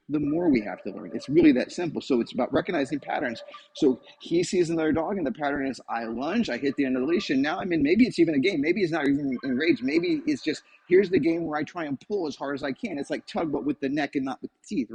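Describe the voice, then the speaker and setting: A man teaching about dog training in casual speech. He acts out the dog's thoughts in quick voiced asides, and the recording is slightly distorted. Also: fairly high pitch, very animated, creaky, a little mellow, slightly rough. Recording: slightly distorted with faint noise.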